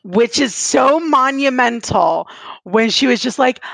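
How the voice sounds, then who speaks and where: A woman's voice: high voice, lively intonation, unhurried, gravelly, fairly bright tone, dry recording. A woman co-hosting a casual podcast, chatty and giggly, with lots of filler words. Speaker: podcast co-host. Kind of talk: casual chat.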